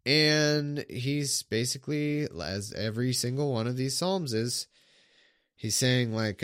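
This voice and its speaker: A man's voice: mid-range voice, slow, a bit bright, clean tone, no echo, studio quality. A man reads old scripture aloud in a casual way and breaks off into irreverent, sarcastic remarks. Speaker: Bible reader. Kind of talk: casual reading aloud with commentary.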